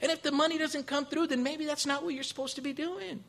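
A male pastor preaching a sermon, telling stories with acted-out quotes, rising to loud, high bursts and dropping to quiet, low stretches. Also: steady tone, quick pace, vocal fry. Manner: storytelling with acted quotes and a casual, folksy delivery.

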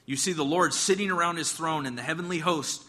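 A man preaching in a church hall with a bright, forceful voice. He talks to the congregation directly and keeps it conversational and emphatic. A long reverb trails each phrase. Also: a little high, a little fast. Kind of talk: sermon retelling a Bible passage.

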